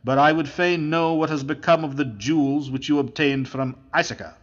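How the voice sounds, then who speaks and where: A man's voice: on the high side, moderate pace, lightly acted. Brief: man playing a haughty young lord, cold and resolute, dull audiobook sound. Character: proud young nobleman, haughty and quick to rage.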